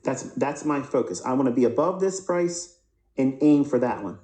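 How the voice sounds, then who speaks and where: A man with a mellow, low-brightness voice gives a live trading lesson over price charts. He asks himself questions and answers them, and often stumbles over repeated words. The sound is roomy and echoing. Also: expressive, normal speed. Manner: repeats words, restarts mid-sentence. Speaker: trading instructor.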